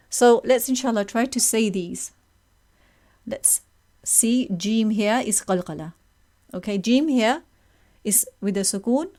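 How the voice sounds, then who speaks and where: A woman teaching a recitation lesson, explaining slowly and patiently and demonstrating the sounds herself. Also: a little high, a little mellow. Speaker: tajweed teacher. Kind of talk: online lesson with recitation examples.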